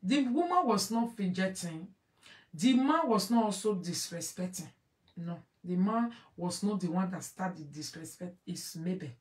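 A woman's voice: on the low side, lively intonation, normal speed, darkish tone, recorded from a distance. Nigerian woman host, emphatic and repetitive commentary, roomy echo. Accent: Nigerian Pidgin English. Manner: emphatic, repeats phrases, switches between pidgin and English. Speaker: online show host commenting on a video. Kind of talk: animated commentary to an audience. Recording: echoey room, voice away from mic.

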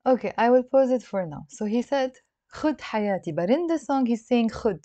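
A woman's voice: fairly high pitch, animated, fairly quick, dark tone, no room sound, soft background music. Lebanese woman teaching over a call. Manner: explains patiently, often checks in with "okay?". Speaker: Arabic teacher. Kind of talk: live online language lesson. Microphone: video call.

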